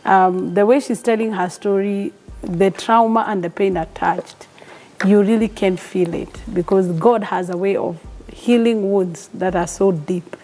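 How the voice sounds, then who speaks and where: A woman hosting an interview and encouraging her guest. Her voice is husky and mellow, with a dark tone and a gentle, prayerful close. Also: medium pitch, fairly even intonation, measured pace. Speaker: host.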